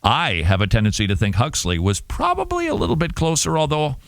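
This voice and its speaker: A man's voice: mid-range voice, wildly swooping pitch, brisk, gravelly, no room sound. A middle-aged man hosting a talk show, commenting casually with sarcasm and jokey asides.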